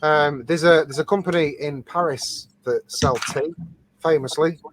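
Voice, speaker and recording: A man's voice: fairly high pitch, steady tone, moderate pace, a bit bright, a little hiss or hum, rough recording. A man bantering casually and swearing freely on a live online show, talking over a video call. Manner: sweary, offhand, boastful. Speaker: guest.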